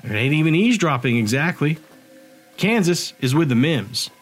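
A man voicing a sharp-tongued young woman bartender and hacker, talking bluntly and casually in an audiobook. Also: fairly high pitch, sing-song, normal speed, soft background music. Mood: matter-of-fact.

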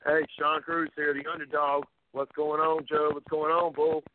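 A man's voice: fairly high pitch, flat delivery, normal speed. Male wrestler guest, easygoing and jokey, phone-line audio with faint hiss. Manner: easygoing, jokey, checks details with partner. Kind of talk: casual interview chat.

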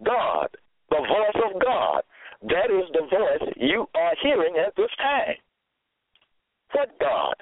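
Man preaching a sermon, slow deliberate delivery, lively swooping pitch, tinny phone-line sound. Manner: slow, emphatic preaching with sweeping pitch swings.

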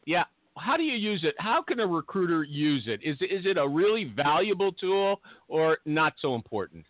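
A man hosting a casual panel chat, jokey, quickly steering the talk. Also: a little high, very animated, dry recording. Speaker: podcast host. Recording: tinny phone-line audio.

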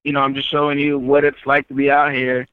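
A truck driving trainer talking easily as a guest, in loose runs with many fillers. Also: male voice, mid-range voice, monotone, quick pace, clear, resonant tone, no echo. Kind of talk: casual interview chat. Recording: dry, tinny phone-like line.

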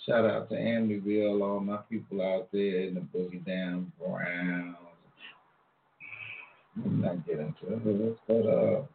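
A man's voice: sits low, steady tone, unhurried, creaky, a little hiss or hum. A man from Long Island, New York, hosting a casual, slangy street-talk monologue in a laid-back drawl. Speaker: show host. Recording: echoey room over a tinny phone-like line.

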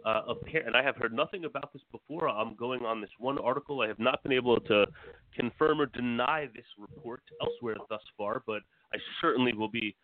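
A man's voice: medium pitch, fairly quick. A man co-hosting a podcast, speaking cautiously and hesitantly, with many fillers. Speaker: podcast co-host. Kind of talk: casual podcast chat. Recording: tinny dry phone-like line.

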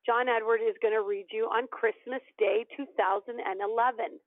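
A woman guest telling a personal story in an animated way, acting out the voices of the people in it. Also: fairly high pitch, normal speed, no echo. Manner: animated storyteller, acts out quoted dialogue. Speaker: podcast guest. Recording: tinny phone-line audio, dry.

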